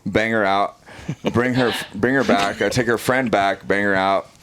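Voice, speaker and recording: A man's voice: fairly low pitch, moderate pace, a little hiss or hum. An American man, a former military rescue operator, telling a rowdy story in casual podcast chat, swearing freely and peppering it with "dude" and "right?". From United States. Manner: profane, animated storytelling with lots of "dude" and "right?".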